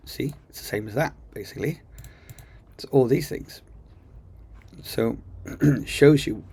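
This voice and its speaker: A man's voice: medium pitch, creaky, warm tone, husky. A man casually walking through a screen-recorded coding tutorial, chatty and enthusiastic, thinking aloud with lots of ums. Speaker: coding teacher. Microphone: computer mic while screen recording.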